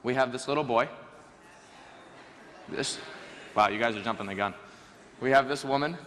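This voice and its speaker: A teenage boy speaks on stage in a lively, joking way, his voice bright and forward. His words ring out with a long reverb from a large hall, and a faint room ambience sits beneath. He talks at a medium pitch in a relaxed, conversational tone. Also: normal speed, a little hiss or hum. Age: teens. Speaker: student speaker. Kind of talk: stage talk to an audience. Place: school auditorium.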